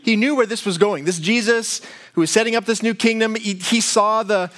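A middle-aged man preaching a sermon in a conversational way, with loose asides and quick shifts of voice when he retells a story. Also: high-pitched, fairly bright tone. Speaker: pastor.

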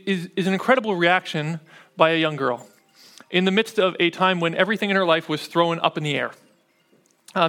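A man's voice: high-pitched, a bit bright. A man preaching a sermon as pastor, talking in a conversational way and often checking in with his listeners. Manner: conversational preaching, frequent "right?" check-ins.

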